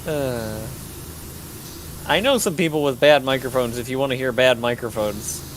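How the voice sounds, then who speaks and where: A man's voice: medium pitch, normal speed. A young man guesting on a game stream, joking and teasing his co-host in casual chat. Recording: noisy hissing mic.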